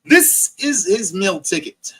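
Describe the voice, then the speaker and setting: A man's voice: sits high, very animated, slow, fairly bright tone, husky, rough recording. A man ranting profanely on his livestream, mocking rivals over and over and answering chat comments. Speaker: livestream host.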